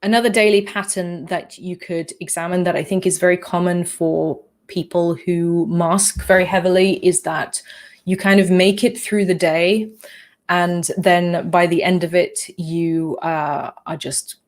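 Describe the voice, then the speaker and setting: A woman from England, whose accent has drifted slightly after living in the Netherlands, hosts a relaxed livestream Q&A. She works through chat comments with many fillers, restarts and apologies, her low-leaning voice steady and unhurried.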